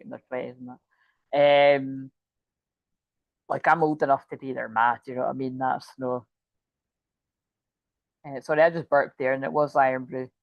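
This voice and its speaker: A woman's voice: rumbling low, no room sound, lo-fi sound. A middle-aged woman, chatting casually through a tarot reading. She rambles, giggles, swears and goes off on asides, and she sounds tired. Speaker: tarot reader.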